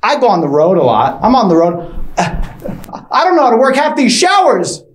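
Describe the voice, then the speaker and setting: A man doing stand-up in a rambling, halting way. He stacks up fillers and false starts as he wanders from bit to bit, and he keeps his deliberately awkward delivery going the whole time. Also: high-pitched, wildly swooping pitch. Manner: rambling, hesitant, full of fillers and restarts, mock-awkward. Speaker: stand-up comedian. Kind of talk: stand-up routine.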